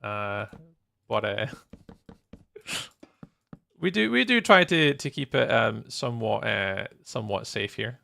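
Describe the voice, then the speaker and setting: Scottish man streaming, lively gravelly voice. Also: mid-range voice, slow pace, pauses often. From Scotland. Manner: chatty, greets viewers by name, laughs often. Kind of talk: casual live-stream chat while building in a game.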